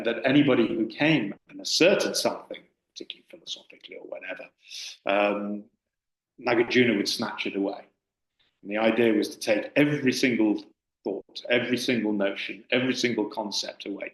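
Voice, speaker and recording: Low-voiced man giving a hesitant dharma talk. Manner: hesitant, with many fillers and restarts. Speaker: Buddhist teacher. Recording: roomy hall echo.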